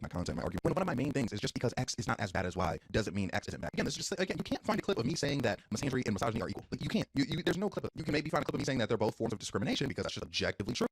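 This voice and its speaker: A young man streaming, ranting in a casual, animated way that leans heavily on filler words. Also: mid-range voice, gravelly, husky, no echo. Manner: fast, animated, heavy use of "like". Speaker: streamer and YouTuber. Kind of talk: casual live-stream rant.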